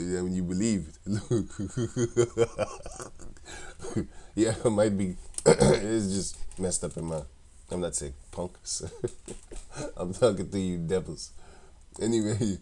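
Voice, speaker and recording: A man's voice: sits low, dark tone. A man giving casual scripture commentary, laughing often and speaking in a mocking, scornful, rambling way. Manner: loose and rambling, with many restarts. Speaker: religious commentator.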